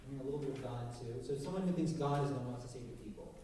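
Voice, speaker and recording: A man, a rabbi leading a text study with questions, animated and acting out quotes, recorded from a distance in a synagogue hall. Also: medium pitch, racing, a little hiss or hum. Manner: animated, acts out quotes with rising voice. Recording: echoey room, recorded from a distance.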